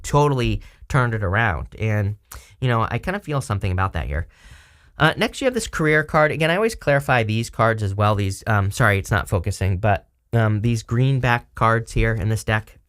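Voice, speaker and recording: A man's voice: fairly low pitch, fairly bright tone. A man giving a casual tarot reading, rambling and chatty with lots of fillers. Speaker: tarot reader.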